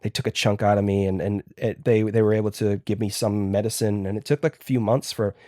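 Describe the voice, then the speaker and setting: A man's voice: on the low side, steady tone, warm tone, no room sound, clean studio sound. A man, a podcast guest, telling stories casually, stopping and restarting often. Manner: halting, full of restarts and fillers. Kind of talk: casual storytelling.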